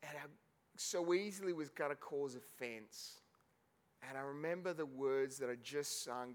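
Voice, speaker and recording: A man's voice: mid-range voice, measured pace. A man preaching a sermon as pastor, telling a personal story with emotion, tearful and laughing at moments.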